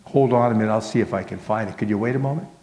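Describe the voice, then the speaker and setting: A man voicing a grieving young mother who speaks softly and falters. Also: lowish voice, lightly acted. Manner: soft, faltering, halting. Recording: long hall reverb.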